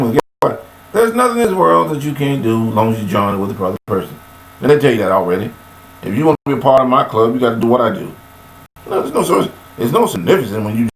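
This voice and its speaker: A man giving a rambling, preachy monologue about forgiveness, recorded on a webcam, with sudden high-pitched bursts of emphasis. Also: gravelly, roomy sound, rough recording.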